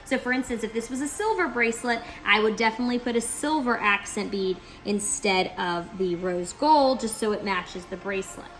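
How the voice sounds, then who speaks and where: A woman's voice: mid-range voice, normal speed, few pauses, fairly bright tone, faint music behind. A woman training store staff, demonstrating step by step in an upbeat, instructive way and often checking in with her listeners.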